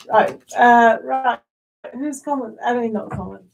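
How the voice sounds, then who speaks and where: A woman's voice: a little high, unhurried, creaky, far from the mic, a little hiss or hum, rough recording. A woman giving live tarot readings in a chatty, giggly way, with many ums and restarts. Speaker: tarot reader.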